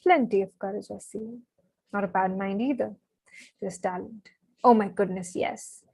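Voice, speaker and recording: A woman voicing the Sorting Hat, an old male magical talking hat that sounds sly and probing, speaking in a soft, musing murmur. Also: medium pitch, steady tone, moderate pace, gravelly, breathy edge.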